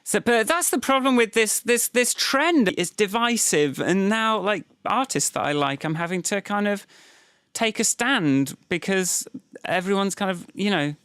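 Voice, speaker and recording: A man co-hosting a podcast, walking through ideas at length and softening his points with "kind of". His voice sits a little high for a man, recorded dry and close. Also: lively intonation, unhurried, clear, resonant tone, no room sound. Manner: explanatory, hedging with "kind of". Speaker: podcast co-host. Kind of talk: casual chat.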